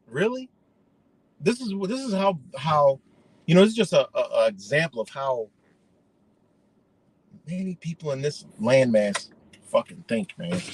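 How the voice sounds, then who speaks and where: A man's voice: on the high side, expressive, unhurried, long pauses, slight background noise, poor audio. A man ranting indignantly in a profane, rambling monologue.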